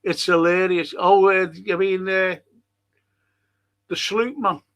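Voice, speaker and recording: A man's voice: high voice, steady tone, takes it slowly, fairly bright tone. A man hosting a live football watch-along stream, reading out chat messages and ranting bluntly with heavy swearing.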